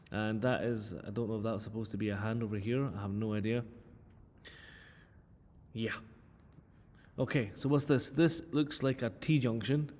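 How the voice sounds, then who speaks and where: A man's voice: mid-range voice, a little mellow, big-room sound. A man who is a physics teacher, telling a casual story and mockingly judging drawings. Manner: playful mock-outraged teasing.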